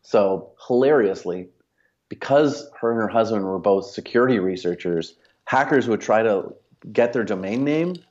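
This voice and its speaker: A man's voice: fairly low pitch, lively intonation, normal speed, a little mellow, muffled recording. A man, a company cofounder, telling a long anecdote casually as a podcast guest, full of fillers and quoted dialogue. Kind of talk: casual storytelling.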